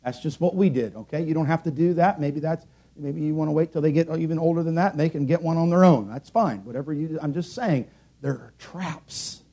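A middle-aged man preaching a sermon in a church, earnest, rising to loud emphatic peaks and then dropping low. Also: fast. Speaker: pastor.

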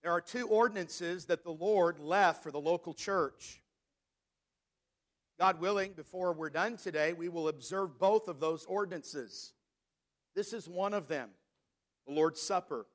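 Higher voiced guy preaching, reads bible verses slow and emphatic. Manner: preaching, reads scripture in King James wording, slows for emphasis. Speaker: pastor. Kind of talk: sermon.

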